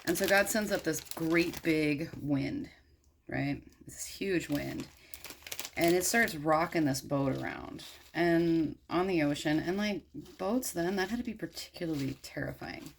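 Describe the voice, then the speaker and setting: A woman with a deep, gravelly voice casually retelling a story while she works on a craft at home. She is irreverent and slangy, swears freely and drifts into asides. A faint noise sits under the voice. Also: unhurried.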